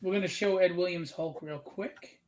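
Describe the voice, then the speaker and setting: A man with a notably high speaking voice hosts a live drawing stream in easy, chatty fashion. He banters and cracks jokes, drifting off on tangents before circling back to plug his project. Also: steady tone, moderate pace, over a noisy crowd. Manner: chatty, joking, promotes his book between tangents. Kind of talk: casual live-stream chat.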